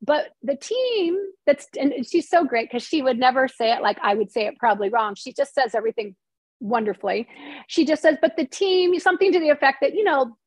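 A middle-aged woman, a guest on an interview show, telling stories in lively casual chat and acting out the lines of people she quotes. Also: high voice, brisk, no echo. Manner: animated storytelling, acts out quoted dialogue. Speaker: interview guest, novelist and screenwriter.

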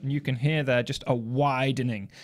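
A man explaining drum technique in a measured, precise, methodical way. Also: medium pitch, steady tone, loud music behind the voice. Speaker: drum teacher. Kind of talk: instructional explanation. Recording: loud noise from snare drum playing. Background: snare drum playing.

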